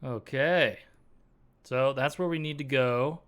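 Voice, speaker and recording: A man's voice: mid-range voice, slow pace, a bit bright. A man hosting a gaming channel, commenting on his play in a casual, playful and amused way.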